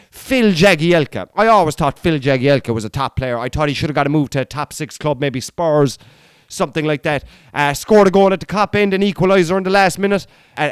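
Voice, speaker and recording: Man, podcast host, casual monologue, blunt, swearing, rambling, smooth resonant voice, dry close sound. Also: a little high, no room sound. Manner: blunt, opinionated, swears freely; rambling, with frequent fillers and restarts.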